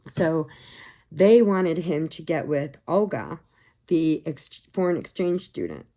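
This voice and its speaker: A middle-aged woman chats through a casual vlog story, animated and quick to laugh at her own jokes. Her voice is low and gravelly, with a relaxed, unhurried delivery. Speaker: crochet vlogger.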